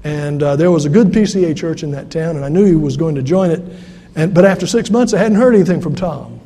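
Male pastor, high mellow voice, storytelling sermon, long church reverb. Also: fast talker. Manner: storytelling, acts out quoted voices. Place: church sanctuary.

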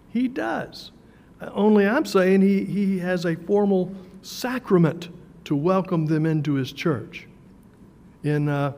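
A man preaching a sermon in a conversational way, with fillers and repeated words, slowing down for emphasis. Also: high voice, mellow. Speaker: pastor. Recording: long hall reverb.

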